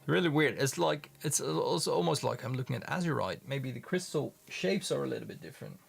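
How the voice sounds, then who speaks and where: A man casually commenting in his studio as he looks at his handmade pigments, halting and restarting often. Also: medium pitch, expressive, vocal fry, soft background music. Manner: rambling, halting, many restarts. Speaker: pigment maker filming his studio work. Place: home studio.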